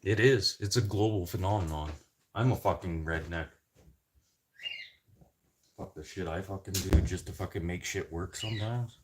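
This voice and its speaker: A man's voice: deep voice, normal speed, pauses often, noisy background. A man from the Canadian prairies chatting casually in a rambling, joking way, swearing constantly. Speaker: vlogger.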